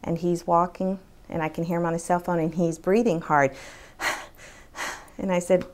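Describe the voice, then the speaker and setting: A woman's voice: fairly low pitch, normal speed, pauses often. A woman recounting a personal story in a documentary interview, acting out the quotes as she goes. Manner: storytelling, animated quoting.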